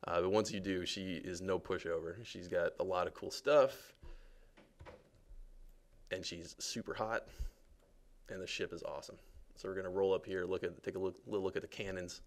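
A man's voice: low-pitched, fairly even intonation, normal speed, pauses often. A man, a game developer, giving casual and jokey live commentary while touring a game, with lots of fillers. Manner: chatty and jokey, many fillers.

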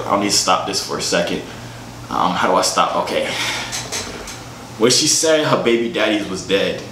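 A man's voice: mid-range voice, pushed and bright. A man vlogging while video chatting with strangers, talking in a playful, teasing, slangy way. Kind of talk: casual joking video chat. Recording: echoey room with background noise.

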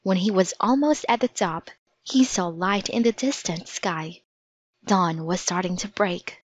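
A woman reading a children's storybook aloud in a gentle, measured way. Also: on the low side. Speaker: narrator. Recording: dry, slightly dull audiobook recording.

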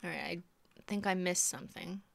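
A woman's voice: lowish voice, a little fast, vocal fry, no room sound. A young woman chatting casually with her viewers while live-streaming a game, giggly and talkative. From Canada. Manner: chatty, giggly, talks to chat.

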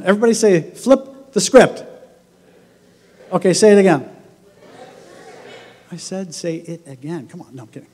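A man's voice: a little high, warm tone. Man preaching in a reverberant church. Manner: conversational storytelling, acts out quoted voices, laughs often. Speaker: pastor. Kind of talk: sermon. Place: church sanctuary.

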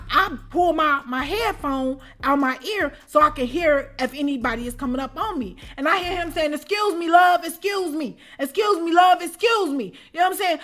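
In a casual storytime, a high-voiced woman who hosts a storytime channel tells a story. She's an adult with children, animated, and keeps asking "you know what I'm saying?"

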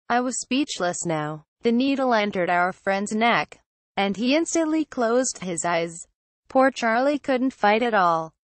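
A woman reading a first-person horror story aloud in a steady storytelling manner. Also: on the high side, dry recording. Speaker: narrator. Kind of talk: scripted horror story narration.

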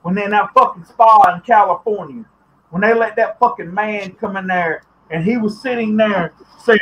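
A man's voice: high voice, normal speed, a bit bright, rough recording. A man hosting a podcast, ranting bluntly and profanely, getting heated at times. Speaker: podcast host. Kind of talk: ranting commentary.

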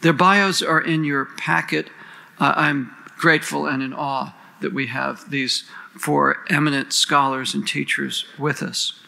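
Gravelly, bright-voiced man giving a formal speech. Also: a little high, steady tone, unhurried, low-quality recording. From United States. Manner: earnest, rhetorical, lists and questions. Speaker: panel moderator introducing speakers.

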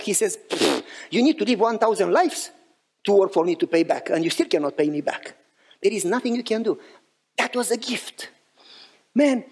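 Animated husky-voiced preacher man. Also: very high voice. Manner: animated storytelling, acting out dialogue. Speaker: pastor. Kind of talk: sermon.

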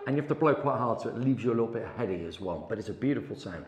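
A man's voice: fairly low pitch, animated, very fast, music in the background. A middle-aged man teaching saxophone, chatty and encouraging as he demonstrates sounds to a student. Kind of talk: hands-on music lesson. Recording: roomy echo with faint background noise.

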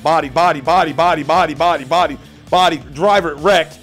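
A man hosting a gameplay video, brash and profane, joking and bursting into shouts. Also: a little high, brisk, soft background music, a faint crowd. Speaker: gaming video host. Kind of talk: casual gameplay commentary.

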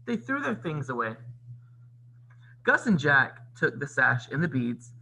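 Gravelly, lively man reading a storybook aloud. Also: mid-range voice, unhurried, slight background noise, poor audio. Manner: expressive, teacherly. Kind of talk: read-aloud storybook narration with comments.

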